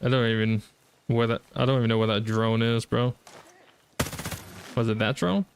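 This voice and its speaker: A man's voice: mid-range voice, flat delivery, normal speed, vocal fry, slight background noise. A young man with a Southern US accent, chatting casually and rambling to his viewers while he plays on a gaming livestream. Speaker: gaming streamer.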